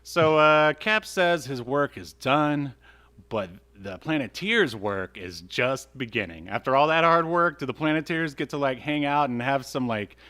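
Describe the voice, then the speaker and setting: A man's voice: medium pitch, expressive, a little slow, bright, forceful tone. A man co-hosting a podcast, chatting casually about an old cartoon with plenty of fillers and asides. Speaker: podcast co-host.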